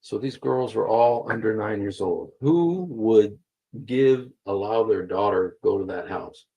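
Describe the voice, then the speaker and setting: Slow, husky-voiced man streaming. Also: fairly low pitch, dark tone, dull audio. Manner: emphatic, repeats key phrases, many fillers. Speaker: livestream host. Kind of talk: livestream commentary reading texts aloud. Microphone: computer mic while streaming.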